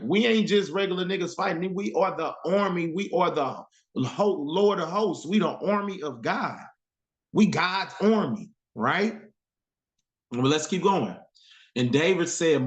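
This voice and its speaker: A man's voice: fairly high pitch, expressive, moderate pace. A man teaching a Bible class who reads archaic verses aloud and then retells them in street slang. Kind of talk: scripture reading with commentary. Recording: roomy echo.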